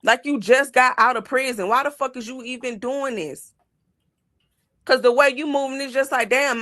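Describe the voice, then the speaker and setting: Young woman guest, blunt and heated, bright and fairly high voice, dry sound. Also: no echo. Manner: blunt, heated, heavy swearing. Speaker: livestream guest telling her story. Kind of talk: casual livestream chat.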